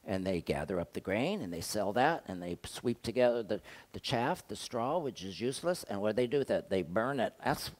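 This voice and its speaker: Low-voiced older pastor preaching. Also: male voice, expressive, fairly quick. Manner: conversational preaching with rhetorical questions, shifting loud and soft. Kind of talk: sermon.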